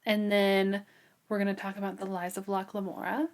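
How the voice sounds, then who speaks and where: A woman's voice: mid-range voice, completely flat delivery, normal speed. A woman co-hosting a book podcast in casual chat, chatty and giggly with lots of ums. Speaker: podcast co-host.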